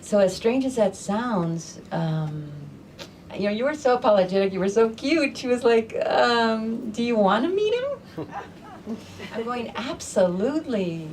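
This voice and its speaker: A woman hosting a live storytelling night, telling a personal story to an audience in a living room, animated and laughing, slipping into voices for the people she quotes. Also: on the high side, unhurried. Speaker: storyteller host. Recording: distant mic, faint room noise.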